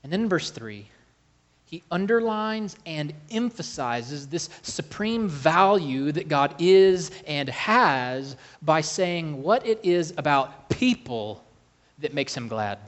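Slow, emphatic male preacher. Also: fairly high pitch, sing-song. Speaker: pastor. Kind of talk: sermon.

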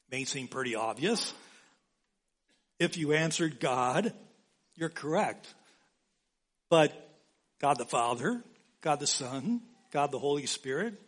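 Slow, emphatic male preacher. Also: fairly high pitch, husky. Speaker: pastor. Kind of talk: sermon.

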